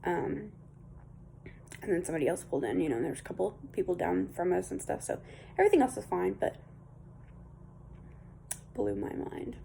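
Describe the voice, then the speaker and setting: A woman's voice: fairly low pitch, animated, normal speed, gravelly, pauses often, warm tone, a little hiss or hum. A woman vlogger telling a story to her viewers in a chatty, rambling way, with small laughs and asides.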